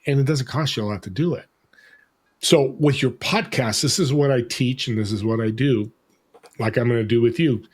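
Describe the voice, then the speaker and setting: A man, a podcast guest, talking in an energetic, animated way and acting out bits of dialogue. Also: medium pitch, normal speed, husky. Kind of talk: casual conversation.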